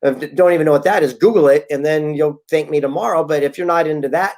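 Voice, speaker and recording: A man being interviewed as a guest author, telling stories in a casual, animated way and acting out the people he quotes. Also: a little high, fast talker. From Southern California. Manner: animated storyteller, acts out quotes.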